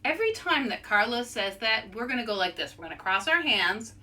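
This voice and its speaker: A woman author leading an interactive storybook read-aloud for children, playful and animated, inviting listeners to join in. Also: a little high, a little fast.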